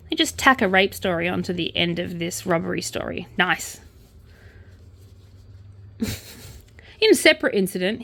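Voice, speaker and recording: A woman's voice: on the low side, animated, measured pace, vocal fry, long pauses, bright, forceful tone. A young adult woman with an Australian accent, reading crime news aloud and breaking off for sarcastic asides. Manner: sarcastic asides between read-out news items.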